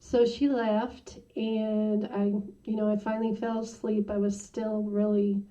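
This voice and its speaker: A woman giving a personal testimony in an interview, halting and full of "you know" fillers. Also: mid-range voice, level tone, warm tone. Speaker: interview guest. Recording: muffled sound from a distant mic.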